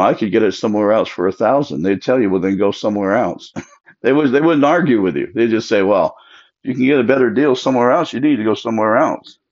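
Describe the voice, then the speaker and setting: Low-voiced man telling family stories. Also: a little mellow. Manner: acts out relatives' voices in quoted dialogue. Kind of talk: casual storytelling monologue. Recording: dull lo-fi recording.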